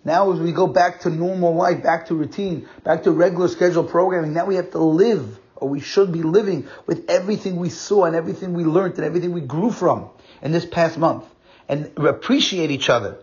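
A man's voice: on the high side, a little fast, darkish tone, breathy edge. A man giving a pre-Sabbath sermon as a rabbi, telling a story with earnest, repeated emphasis. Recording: dull lo-fi recording.

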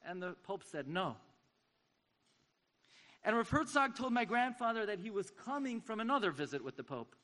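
A man giving an impassioned sermon-style story at a community event, swinging from hushed to loud. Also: high-pitched, sing-song, fairly quick, hardly any pauses.

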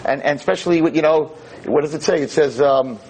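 A man's voice: a little high, fairly quick, slight background noise, low-quality recording. A man, a rabbi and teacher, giving an impassioned lecture, emphatic and sprinkled with Hebrew and Yiddish terms. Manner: emphatic, impassioned, rising to near-shouts. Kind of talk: animated Torah lecture.

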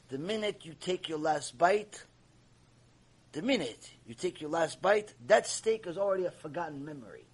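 A man teaching an animated Mussar lecture, repeating points and firing off rhetorical questions. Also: a little high, normal speed, breathy edge, rough recording. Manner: repetitive, acts out dialogue, rhetorical questions.

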